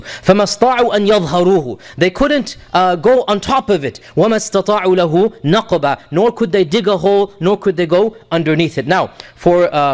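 A man teaching a lesson on scripture, explaining terms patiently step by step with small hesitations. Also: high voice. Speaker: Quran teacher.

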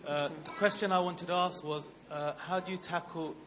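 A man's voice: a little high, fairly even intonation, moderate pace, a crowd in the background. Hesitant male questioner from the audience. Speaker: audience member asking a question.

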